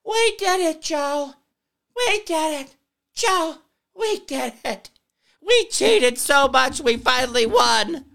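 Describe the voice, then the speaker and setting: A shrill, exaggerated falsetto of a gloating woman politician, giddy on a phone call, as a man mocks her. The voice sits well above his own and a little away from the mic. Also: expressive, slow pace, vocal fry, a bit bright, exaggerated voice. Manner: mocking, exaggerated.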